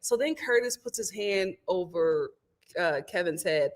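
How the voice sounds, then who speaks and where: A woman with a lowish, expressive voice speaks unhurriedly as host of a reality TV review show. She gives a casual recap to a live audience, dramatically retelling scenes with gasps and acted-out quotes.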